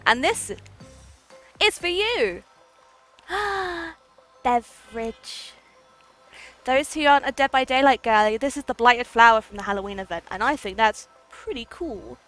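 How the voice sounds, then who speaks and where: A woman's voice: on the high side, lively intonation, unhurried, long pauses, fairly bright tone. A woman streaming a game live, chatting playfully with viewers, giggling often, and reading the game's text aloud. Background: faint game music.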